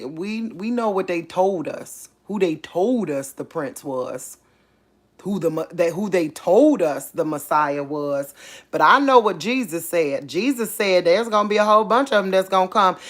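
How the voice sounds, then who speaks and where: A woman, hosting a casual faith channel, talking excitedly and thinking aloud, repeating herself as she works things out. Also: lowish voice. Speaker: online faith channel host. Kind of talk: casual livestream talk.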